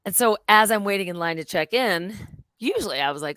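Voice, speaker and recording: A woman's voice: mid-range voice, lively intonation, a little fast, fairly bright tone, no echo. A middle-aged woman on a casual live stream, telling a story with lots of energy, swearing freely and acting out what people said. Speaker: host.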